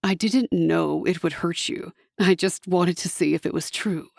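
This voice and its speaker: A woman voicing a mischievous, earnest young male angel in an audiobook, dropping her voice lower and coaxing. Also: moderate pace, vocal fry, a little mellow, dry recording, studio quality.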